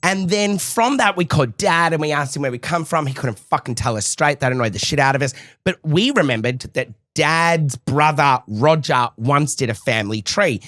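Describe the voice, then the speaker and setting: Animated Australian man telling stories. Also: fairly high pitch, moderate pace, few pauses, dry recording, clean studio sound. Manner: animated, swears freely, acts out quotes. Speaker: podcast co-host. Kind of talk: casual chat, storytelling.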